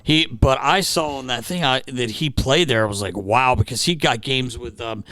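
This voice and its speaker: A man's voice: mid-range voice, moderate pace, sharp tone, no echo. A man co-hosting a podcast, chatting loosely and reminiscing with restarts. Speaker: podcast co-host. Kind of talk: casual chat.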